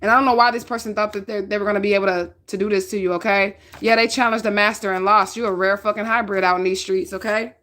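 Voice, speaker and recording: A woman's voice: mid-range voice, fairly even intonation, quick pace, hardly any pauses, a bit bright. A woman doing a casual tarot reading, talking bluntly with plenty of swearing and often checking in with "okay?". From northern United States. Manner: blunt, profane, checks in with 'okay?'. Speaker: tarot reader.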